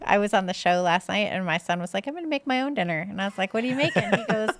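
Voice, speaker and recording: A woman's voice: mid-range voice, animated, racing, no echo. Woman, podcast co-host, chatty, laughs easily, dry room. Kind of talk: casual panel chat.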